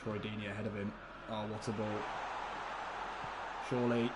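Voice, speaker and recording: A man's voice: mid-range voice, normal speed, background noise. A man commenting live on a football video game, chatty and laughing often, swearing casually and talking to his viewers. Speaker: gaming livestreamer.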